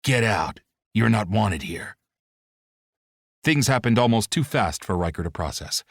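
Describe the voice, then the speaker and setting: Low-voiced male audiobook narrator. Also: no echo, clean studio sound.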